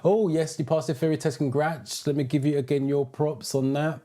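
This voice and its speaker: A man's voice: a little high, steady tone, moderate pace, mellow. A British man who teaches driving theory, hosting a live stream: he greets viewers by name, reads out their comments and gives advice.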